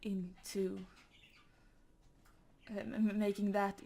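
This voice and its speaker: A woman's voice: mid-range voice, level tone, slow, gravelly, mellow. A young woman from Sweden with a Swedish accent, chatting casually and rambling while she draws, with stutters, often dropping to a murmur. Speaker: artist vlogger.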